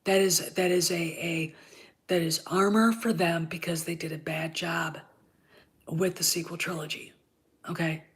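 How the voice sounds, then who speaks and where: A woman hosting her own commentary channel, her voice congested and thick as she gets over covid. She talks slowly and bluntly, her opinions heated and laced with profanity. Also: fairly low pitch, fairly even intonation. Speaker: channel host.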